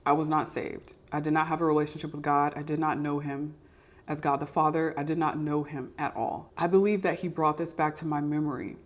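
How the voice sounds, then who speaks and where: Low-voiced woman sharing testimony. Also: flat delivery, a little fast. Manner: earnest, confessional, with emphatic repetition. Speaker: podcast host sharing testimony. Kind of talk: personal testimony, casual and candid.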